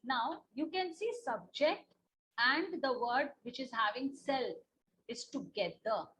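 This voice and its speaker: Indian english lady teaching kids online, highish voice, keeps checking they get it. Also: lively intonation, slow, noisy background. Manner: patient, repeats points, asks "na?" and "okay?". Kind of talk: online class lesson.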